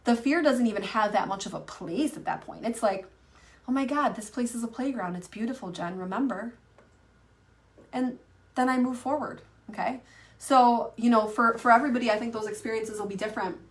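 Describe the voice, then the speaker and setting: A woman in her thirties works as an online coach, teaching casually to camera in a chatty, rambling style packed with fillers and restarts. Her voice is on the high side and a little fast, recorded from a distance.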